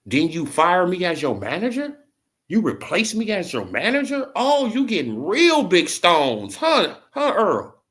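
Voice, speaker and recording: A man's voice: sits high, big pitch swings, moderate pace, fairly bright tone. A man impersonating a spiteful boxing boss. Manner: taunting, scolding, rhetorical questions. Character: controlling, spiteful male boxing manager.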